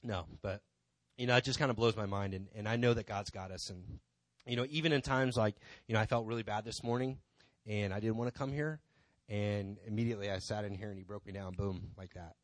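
This man's voice is fairly low and steady, and he talks briskly with no room sound behind him. He's a church member at the pulpit of a sanctuary, offering a casual, meandering testimony full of side remarks.

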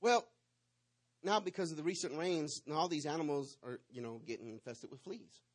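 A man, preaching to his congregation and telling a lively personal story, swinging between loud bursts and hushed asides. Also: a little high, moderate pace. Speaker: pastor.

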